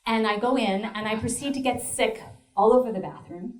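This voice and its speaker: A woman performing a solo comedy show, telling a story with laughter and dry, deadpan asides. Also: a little high, brisk.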